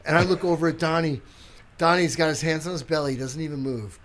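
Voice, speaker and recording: A man's voice: a little high, fast, slight background noise. A man in his sixties, a physical therapist and strength coach, telling stories as a podcast guest with lots of acted-out quotes and casual swearing. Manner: animated storyteller who acts out quotes and swears freely. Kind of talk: casual storytelling in a podcast chat.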